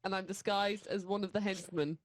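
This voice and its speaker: A woman's voice: medium pitch, steady tone, brisk, dry recording. A woman playing a tabletop role-playing game, chatty and giggling often. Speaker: player. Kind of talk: casual tabletop play.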